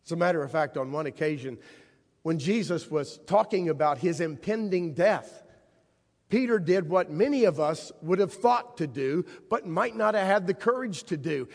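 A man's voice: a little high, lively intonation, normal speed, gravelly. A man preaching a sermon, telling stories dramatically and acting out the people he quotes. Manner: dramatic storytelling, voicing the figures he quotes. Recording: long reverb of a large hall.

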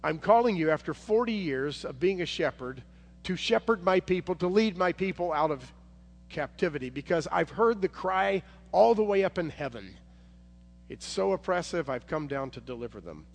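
A male preacher voicing God as a commanding divine figure who speaks in a measured, declaring way. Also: a little high, expressive. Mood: solemn. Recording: hall reverb, faint noise.

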